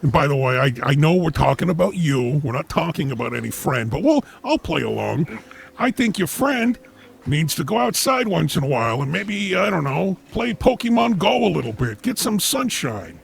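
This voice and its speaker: A man hosting a comedy call-in show, speaking in a deadpan, pompous, lecturing way. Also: a little high, moderate pace. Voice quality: gravelly, raspy.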